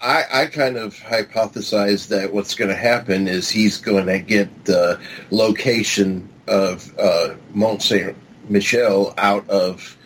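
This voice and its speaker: Low-voiced man laying out theories. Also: steady tone, slow, a little hiss or hum, low-quality recording. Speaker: podcast co-host. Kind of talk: casual speculation.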